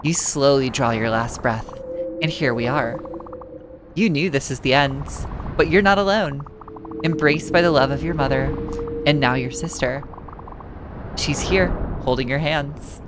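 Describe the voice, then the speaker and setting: Woman doing a grave, deep-toned death figure for a game read-through; measured and hushed. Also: music in the background, low-quality recording. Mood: tender. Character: solemn voice of death, ageless and calm.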